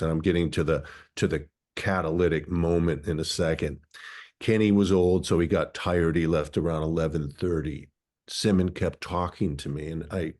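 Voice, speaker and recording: A man around sixty from Minnesota, guest in an interview. He recounts his life story in a thoughtful, philosophical way, with a notably deep, low voice. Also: a little mellow. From Minnesota, USA.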